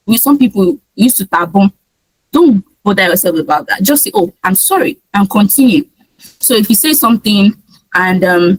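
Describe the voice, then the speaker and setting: A woman's voice: medium pitch, husky, no room sound, poor audio. A woman from Nigeria with a Nigerian accent, teaching an IELTS speaking lesson in an emphatic way and acting out sample answers. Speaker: IELTS tutor. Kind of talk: speaking-test coaching lesson.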